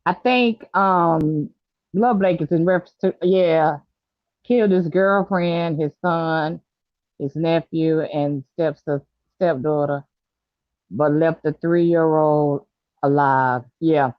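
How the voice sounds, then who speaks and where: Halting speaker, dry lo-fi mic. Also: medium pitch, no room sound. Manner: halting, many fillers, somber retelling. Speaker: chat show host. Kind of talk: casual livestream chat.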